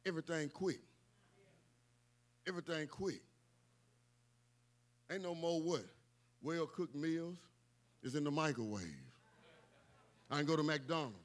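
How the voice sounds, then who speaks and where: A man preaching a sermon with folksy asides, building to emphatic, repeated shouted lines. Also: a little high, a little slow, long pauses. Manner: emphatic, repetitive call-outs, bursts of shouting.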